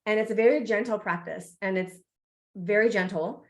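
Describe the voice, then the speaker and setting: Brief: lively woman guest, mid-pitched, candid storyteller, quick to laugh. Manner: animated, laughs often, acts out reactions. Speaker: podcast guest, embodiment coach.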